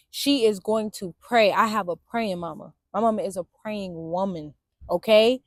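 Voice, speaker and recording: A woman's voice: mid-range voice, dry recording, studio quality. A young woman vlogger telling her own story outdoors in a casual, candid way, full of slang and swearing and speaking straight to her viewers. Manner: candid, slangy and profane, addresses viewers as y'all. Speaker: vlogger and Navy veteran. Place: outdoors in the sun and wind.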